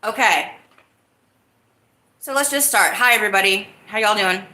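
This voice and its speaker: A woman's voice: medium pitch, normal speed, pushed and bright, reverberant. A woman hosting her own live-stream podcast, talking casually and greeting viewers in the chat. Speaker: livestream podcast host.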